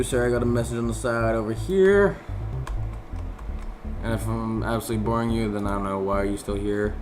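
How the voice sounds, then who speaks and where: A man's voice: fairly low pitch, brisk, a little mellow. A young man at his desk, rambling casually about his drawing in a voice-over, with lots of fillers and casual swearing. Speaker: artist narrating his speed drawing. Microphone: desk microphone, recorded separately over the video. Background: background music.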